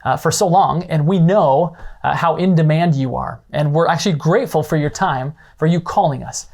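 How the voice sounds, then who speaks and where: Give me a man playing an appreciative husband, polite and unhurried. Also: on the high side, gravelly, a little mellow. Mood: grateful. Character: grateful husband of a referred client.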